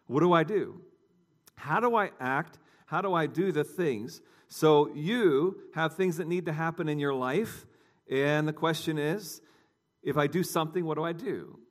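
A man's voice: fairly high pitch, unhurried. A man preaching a sermon, telling a story conversationally and talking directly to his congregation. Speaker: pastor.

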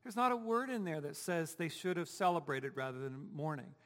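Speaking fairly quickly in a large hall, a male pastor with a fairly high voice delivers a sermon in a church sanctuary. His style is conversational, and he asks his congregation rhetorical questions.

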